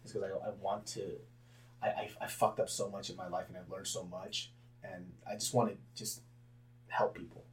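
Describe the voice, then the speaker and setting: A young man talking candidly in a casual interview, swearing freely and breaking into loud laughs as he tells stories about himself. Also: sits low, flat delivery, normal speed. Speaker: podcast guest, comedian.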